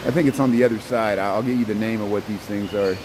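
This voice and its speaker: A man's voice: lowish voice, fairly even intonation, quick pace, background noise. A man narrating a casual walking tour inside a zoo birdhouse, chatting to the birds and often repeating and trailing off his words. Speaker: vlogger.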